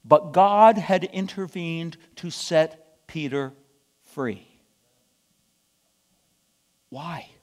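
A man with a high voice preaches slowly, lingering on each phrase. He retells a scripture story with emphasis, pausing to ask the congregation rhetorical questions. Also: a little mellow, big-room sound. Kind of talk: sermon.

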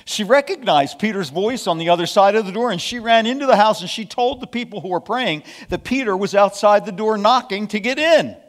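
A male preacher telling a scripture story in a sermon, deliberate and emphatic, asking rhetorical questions. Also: high voice, expressive, big-room sound.

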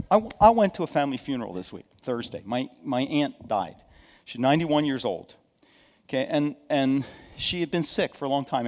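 A middle-aged man, a pastor, preaching a sermon with dramatic swings from hushed to loud and folksy asides. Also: medium pitch. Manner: folksy asides and repeated okays. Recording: long hall reverb from a church sanctuary.

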